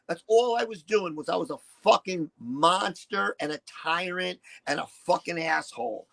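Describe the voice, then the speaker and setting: A man in his sixties, a retired performer telling candid stories in an interview, profane and animated, acting out what people said. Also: high voice, moderate pace, creaky, hardly any pauses, low-quality recording. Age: 60s. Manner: profane, animated, acts out quotes. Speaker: interview guest, retired shock-rock performer.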